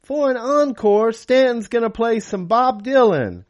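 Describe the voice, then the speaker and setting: An eager, hurried young boy, voiced noticeably higher than the reader's own tone, keen and a little bossy in an audiobook read at home, as a man puts him on. He talks with quick urgency. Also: expressive, lo-fi sound.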